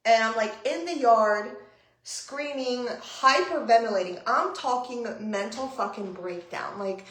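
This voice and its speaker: A young woman telling a story for her vlog in an animated, swearing way, acting out both sides of the conversation. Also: fairly high pitch, measured pace, echoey room, slight background noise. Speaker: vlogger.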